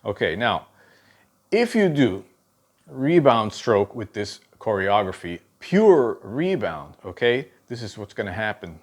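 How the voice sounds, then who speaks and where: A middle-aged man teaching drum technique in a relaxed, conversational way, often checking in with a quick "okay?" while counting out patterns. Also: fairly low pitch. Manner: casual, checks in with frequent "okay?" asides. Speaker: drum instructor. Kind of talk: spoken drum lesson with demonstrations.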